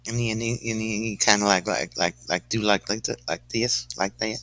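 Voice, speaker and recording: A man's voice: fairly low pitch, fairly even intonation, a little fast, sharp tone. A man giving a casual, joking painting lesson on a live stream, rambling with lots of fillers and breaking into song now and then. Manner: goofy, sings snatches of song, puts on a folksy drawl; rambling, many fillers like "kinda, like". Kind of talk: casual painting demo with jokes.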